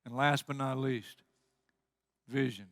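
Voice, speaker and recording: A man's voice: medium pitch, takes it slowly, dry recording, studio quality. A man preaching a sermon as pastor, telling stories with energy and acting out the quoted lines. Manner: animated storytelling, acts out quotes.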